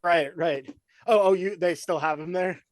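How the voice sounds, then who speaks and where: A man hosts a loose, laughing chat, wandering through his thoughts with plenty of fillers. His voice sits a little high. The sound is dry and close to the mic. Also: normal speed, no echo. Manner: rambling, laughs often, lots of fillers. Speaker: podcast host. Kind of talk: casual chat.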